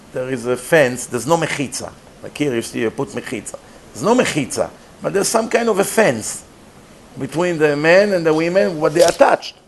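A man's voice: mid-range voice, gravelly, slight background noise. A man giving a sermon as a rabbi, emphatic and repetitive, mixing in Hebrew and Yiddish terms.

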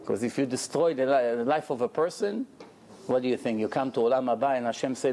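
A man giving a storytelling sermon as a rabbi, animated and asking his audience questions, at a lecture. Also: medium pitch, fast talker, slight background noise. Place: lecture room with audience, indoors.

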